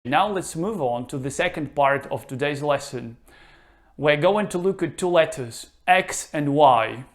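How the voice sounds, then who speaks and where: Slow, careful man teaching reading. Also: on the high side, expressive. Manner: pronounces words slowly with pauses to repeat. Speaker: Russian language teacher. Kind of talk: slow, careful language lesson.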